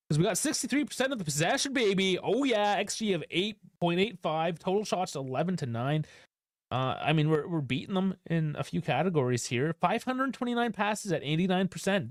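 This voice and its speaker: A man's voice: fairly high pitch, dry recording, studio quality. A man hosting a live football stream, talking in a casual, frustrated and sarcastic way, with plenty of swearing. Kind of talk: casual live-stream post-match rant.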